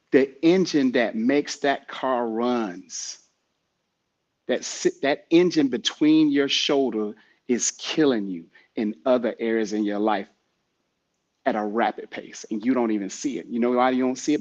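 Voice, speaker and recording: Speaking at a normal speed, this podcast host has a medium-pitched, slightly mellow voice captured in lo-fi audio. He delivers motivational talk in a preachy, repetitive style, pressing the listener head-on.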